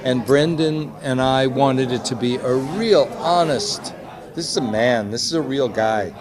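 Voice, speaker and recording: In a convention press interview, a male executive producer and director speaks at a mid pitch and a measured pace, sharing relaxed, chatty anecdotes and giving the people he quotes lively voices. The busy hall behind him is full of loud, clear crowd chatter.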